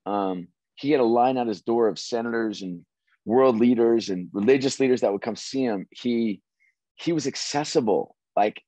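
A middle-aged man, a former sports executive, telling stories as an interview guest in an animated, restarting way. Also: medium pitch, slightly rough, no echo. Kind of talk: casual interview storytelling. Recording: dry, slightly dull audio.

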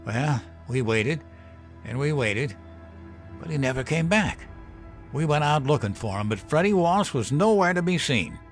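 A man voicing a gruff old male storyteller who drinks, talking in a folksy, profane, chuckling way. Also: a little high, lively intonation, measured pace, soft background music, pitched above the performer's own voice. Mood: gruff storytelling.

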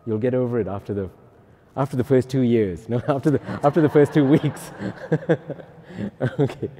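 Male priest, pilgrim talk; playful and teasing, mellow tone, echoey hall. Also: medium pitch, normal speed, a little hiss or hum. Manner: joking, lively, teasing. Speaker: Catholic priest, pilgrim chaplain.

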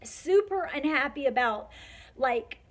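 A woman in her forties opens up in a personal vlog, her voice sitting a little high. She talks in a heartfelt, tearful way, with plenty of fillers and restarts. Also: expressive, takes it slowly. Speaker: vlogger.

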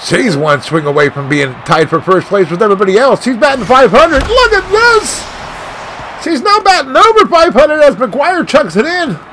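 A man giving live play-by-play of his own video game as a channel host, swinging between shouts and dejected muttering. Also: very high voice, very animated, moderate pace, noisy background. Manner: mild swearing, "freaking" and "dang it" catchphrases.

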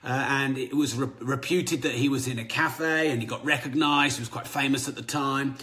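A man's voice: medium pitch, moderate pace. A man hosting a motivational business podcast, talking energetically and casually correcting himself. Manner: energetic, conversational, self-correcting. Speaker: podcast host.

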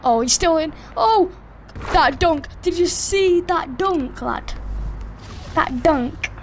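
A woman giving excited, chatty commentary on her own basketball video game match, hosting her gaming channel from a room at home. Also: high voice, takes it slowly, slight background noise. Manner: excitable, chatty, cheers and groans at plays. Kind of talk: live gameplay commentary. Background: friends talking in the background.

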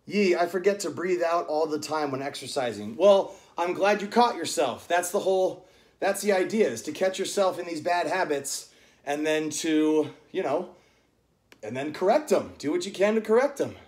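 His voice on the high side and animated, a man coaches viewers through a live-streamed workout from home, talking and counting reps at a normal speed. The room has noticeable echo.

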